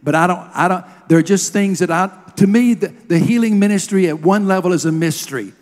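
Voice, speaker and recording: A middle-aged man preaching with a slightly raised voice, recounting stories in earnest. His tone drops low and soft at emotional points. The sound carries a long reverb from a large hall. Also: a little fast. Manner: earnest storytelling, drops to a hush at emotional moments. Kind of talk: sermon.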